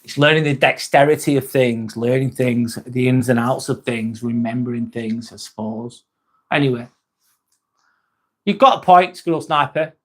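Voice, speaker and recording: A man's voice: mid-range voice, moderate pace. A young man hosting a casual live stream, chatting to viewers, swearing now and then and calling people mate. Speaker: livestream host reading chat.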